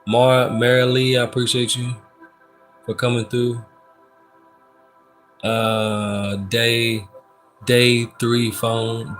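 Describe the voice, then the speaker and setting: Male tarot streamer, easygoing and slangy, medium pitch, chatting over steady background music. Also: extremely slow, pauses often. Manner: laid-back and slangy, reads out chat and gives shout-outs. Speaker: tarot reader and live streamer. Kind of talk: casual live-stream tarot reading.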